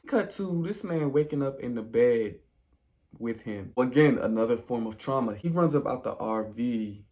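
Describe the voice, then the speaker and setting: A man casually recapping a film plot in a spoiler review, telling it as an animated story and talking straight to his viewers. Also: mid-range voice, moderate pace. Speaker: movie reviewer.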